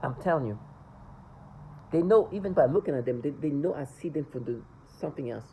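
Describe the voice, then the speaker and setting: A woman with a low, warm, mellow voice speaks to camera in a personal vlog. She is earnest and insistent, stumbling often as she repeats words and restarts her sentences. A faint hum of noise sits under her voice. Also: expressive, a little fast, rough recording. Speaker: vlogger.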